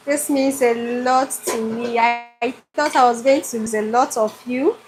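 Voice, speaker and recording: A Nigerian woman hosts a live cooking stream from her home kitchen and speaks to her viewers in an effusive way. She talks slowly in a fairly high voice. A generator hums faintly in the background. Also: steady tone. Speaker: cooking show host. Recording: generator noise behind.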